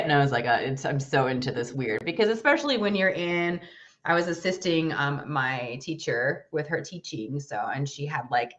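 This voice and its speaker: Woman host, really low voice, goofy and chatty, muffled lo-fi audio. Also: lively intonation, normal speed, a bit bright. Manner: jokey, playful. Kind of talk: casual chat. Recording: dull lo-fi audio.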